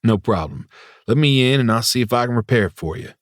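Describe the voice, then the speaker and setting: A man voicing a nervous young country mechanic who talks in a halting country-boy drawl. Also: mid-range voice, animated, no echo, clean studio sound, voice pushed up, natural voice. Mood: shy.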